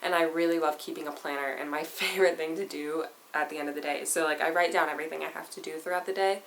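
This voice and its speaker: A woman's voice: low voice, fairly even intonation, quick pace, fairly bright tone, slight background noise, low-quality recording. A teenage girl vlogging in a casual, rambling way, saying "like" all the time. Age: teens. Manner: chatty, rambling, says "like" constantly. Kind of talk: casual chat to camera.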